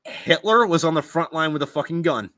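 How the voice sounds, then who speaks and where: A man's voice: on the high side, fairly quick, bright, forceful tone, no echo. A man hosting a podcast, ranting heatedly with lots of swearing and stammered restarts. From United States. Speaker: podcast host. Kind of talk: casual podcast chat. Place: video podcast recording.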